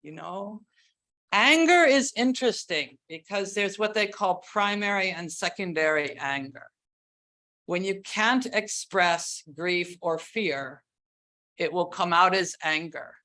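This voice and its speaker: A woman giving a keynote talk on religious education, earnest and deliberate, stretching words for emphasis. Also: on the low side, expressive, pushed and bright. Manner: earnest, slow, with drawn-out emphasis; sings and acts out cries while teaching. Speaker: keynote speaker.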